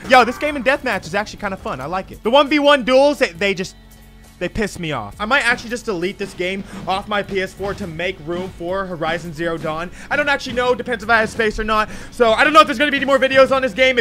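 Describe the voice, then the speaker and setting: High, bright young gamer ranting. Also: male voice. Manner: swears often, swings between shouting rage and quiet grumbling. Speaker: gaming video creator. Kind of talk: live gameplay commentary.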